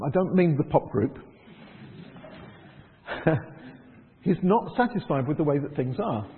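Male pastor, chatty sermon style, long reverb. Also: a little high. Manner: conversational, rhetorical questions, acts out quoted voices. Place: church hall. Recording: tinny phone-like sound in a long-echo hall.

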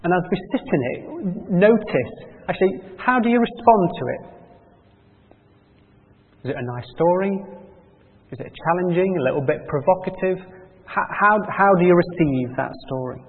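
A man reading a parable aloud in a measured storytelling way, then asking quiet reflective questions. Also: high-pitched, lively intonation. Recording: tinny phone-like sound in a reverberant hall.

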